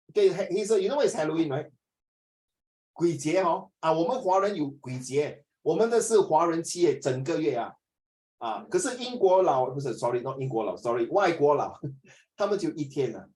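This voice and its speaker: A middle-aged man with a Singaporean English accent teaching an online class in an animated, teasing way, slipping into Mandarin. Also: fairly high pitch.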